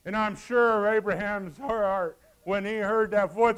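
Male pastor, high smooth voice, dramatic sermon, acts out the story. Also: steady tone, measured pace, few pauses, a bit bright, highs cut off. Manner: dramatic preaching, acting out scripture dialogue.

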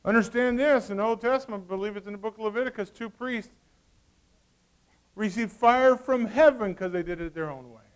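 A male pastor preaching a sermon, reading scripture in old-fashioned wording and calling out to the congregation, swinging from loud to hushed. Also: high-pitched, brisk, smooth.

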